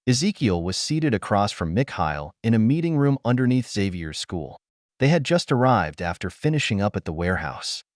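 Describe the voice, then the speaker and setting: A man with a low voice narrates an audiobook, reading in a lively, expressive way with wide swings in tone. The recording is dry and close, with no room sound around it. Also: moderate pace, no echo.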